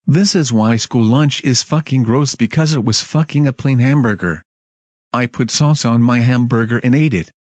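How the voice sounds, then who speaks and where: A man tells a storytime in an irritable, blunt rant, with profanity in nearly every line. His voice sits at an ordinary middle pitch. The sound is dry and close, with no room echo. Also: a little mellow. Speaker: storytime narrator. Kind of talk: ranting storytime narration.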